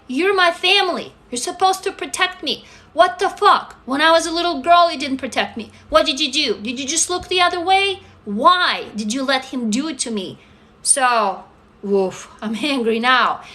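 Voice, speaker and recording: A woman's voice: fairly high pitch, sharp tone. A woman hosting a live stream, reading viewer comments and talking bluntly with plenty of profanity. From Russia. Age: adult. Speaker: livestream host.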